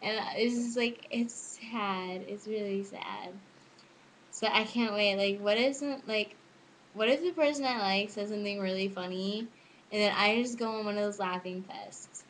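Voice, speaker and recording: A woman's voice: mid-range voice, fairly even intonation, moderate pace, a bit bright, slight background noise, poor audio. A teenage girl chatting casually to camera as a vlogger, rambling and giggly. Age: teens. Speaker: student vlogger.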